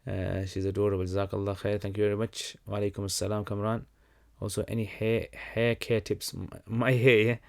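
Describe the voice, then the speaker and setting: A man's voice: on the low side, brisk, vocal fry, hardly any pauses. Laid-back man hosting a stream. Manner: relaxed, conversational, many fillers and restarts. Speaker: livestream host answering questions. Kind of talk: casual livestream Q&A.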